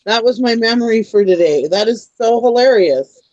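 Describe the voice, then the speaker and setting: A man with a fairly high voice chats casually on a live online show, chuckling as he tells a light story. His audio sounds dull and muffled, dry with no room echo. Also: lively intonation, normal speed, a little mellow. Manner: laughs through a light anecdote. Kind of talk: casual chat.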